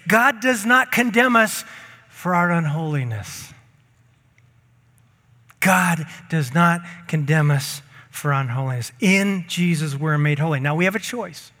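A male pastor with a high, bright voice delivers a sermon at an unhurried pace, leaning hard on repeated phrases and calling for the congregation to answer back. His voice carries a long reverb from the church around him. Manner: emphatic, repeats key phrases, leads congregation in call-and-response. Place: church sanctuary.

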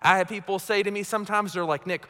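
A man's voice: high voice, fairly even intonation, fast talker, sharp tone, clean tone. A man preaching a sermon as pastor, conversational and self-mocking, often checking in with his listeners. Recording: long hall reverb.

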